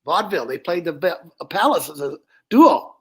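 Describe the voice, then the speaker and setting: A man, a ventriloquist guest, telling show-business stories in an animated, chatty way. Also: high-pitched, a little fast, slightly rough. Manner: animated storyteller, chuckling at old jokes. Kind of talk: casual interview chat.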